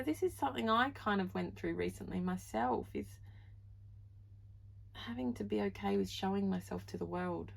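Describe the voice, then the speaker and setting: Female tarot reader, mid-pitched voice with vocal fry, heartfelt and emotional, chatty delivery. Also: normal speed, poor audio. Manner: gushing, heartfelt, uses "like" and "you know" a lot. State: moved, near tears. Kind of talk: pick-a-card tarot reading.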